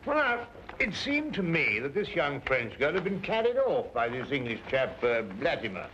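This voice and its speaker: An amiable Victorian doctor who reasons aloud in a thoughtful, musing way with lively pitch. The sound is dull and carries faint hiss, like an old TV soundtrack. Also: male voice, normal speed. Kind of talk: 1950s TV drama acting.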